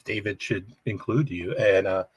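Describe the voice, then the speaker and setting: A man's voice: fairly low pitch, steady tone, measured pace, breathy edge. A man hosting a casual live chat from home, rambling and chuckling often. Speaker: livestream host.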